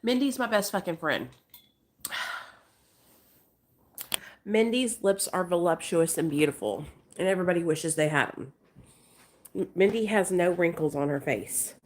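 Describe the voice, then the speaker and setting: A woman in her forties hosts a loose, casual live stream and talks straight to her viewers. She is blunt and profane, and she often stops to coax her dogs in a high, sing-song voice. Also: lively intonation, unhurried, long pauses. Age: 40s. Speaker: livestream host.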